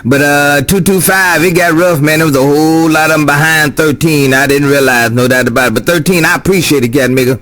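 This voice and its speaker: A man's voice: a little high, steady tone, a little fast, few pauses, a bit bright. Drawling man chatting over CB radio. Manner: drawling, repeats "no doubt about it". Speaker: CB radio operator. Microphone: CB radio handset.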